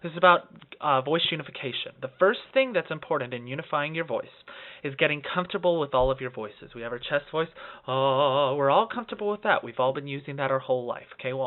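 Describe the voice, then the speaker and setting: Expressive young man teaching voice, tinny audio. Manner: expressive, swooping into head voice and falsetto, frequent "okay?". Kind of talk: vocal lesson to camera.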